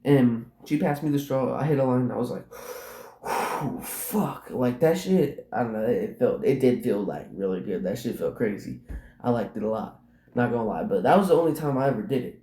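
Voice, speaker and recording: A man's voice: mid-range voice, fairly quick, warm tone. A man telling a personal story in casual, rambling speech, packed with "like" and swearing. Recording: roomy echo.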